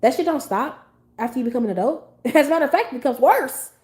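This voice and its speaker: A young adult woman hosting a podcast, talking in a casual, blunt and animated way and swearing freely. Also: high-pitched, fast. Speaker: podcast host. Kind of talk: casual opinion monologue.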